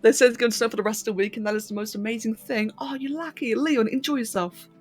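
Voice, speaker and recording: With soft background music behind her, a London streamer and 3D artist with an English accent speaks fast at a pitch on the high side, her intonation fairly even. She chats casually on a live stream while working on a 3D model, laughing often and tripping over words.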